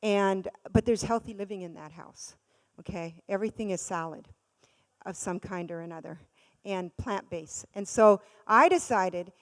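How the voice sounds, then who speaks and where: A woman's voice: medium pitch, normal speed. Dramatic woman preacher in a reverberant hall. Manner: dramatic, swings from loud to hushed. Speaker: guest speaker. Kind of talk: church sermon with storytelling. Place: church hall. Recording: long reverb of a large hall.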